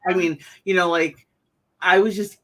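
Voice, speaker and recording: A woman's voice: on the low side, steady tone, normal speed, a bit bright. A woman hosting a casual conversation, chatty, with many fillers and restarts. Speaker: host.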